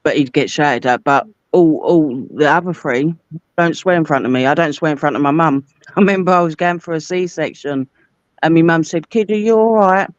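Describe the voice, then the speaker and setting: A woman's voice: low voice, moderate pace, no room sound, lo-fi sound. A Cockney woman in her forties, telling chatty personal stories in a casual conversation. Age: 40s. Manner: chatty anecdotal storyteller. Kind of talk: casual chat.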